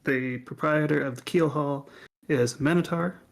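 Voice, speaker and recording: Gravelly guy stumbling through his d&d turn, halting. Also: fairly high pitch. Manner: hesitant, halting. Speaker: player. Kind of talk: tabletop game chat.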